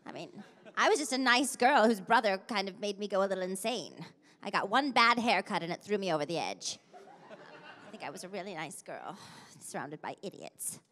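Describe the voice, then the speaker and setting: A woman in her forties with a lively, swooping pitch tells stories to fans and acts out the lines of other people as she goes. Her voice sits at a middling height. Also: moderate pace. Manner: animated storyteller who acts out quotes. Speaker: voice actor on a convention panel. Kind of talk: casual panel answers.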